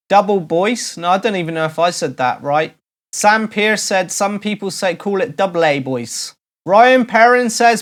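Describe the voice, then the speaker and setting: A man's voice: high voice, moderate pace, fairly bright tone. Jokey man chatting to camera. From Cornwall, England. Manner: chatty, jokey, playful asides. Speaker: vlogger and DJ. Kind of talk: casual comedic vlog chat.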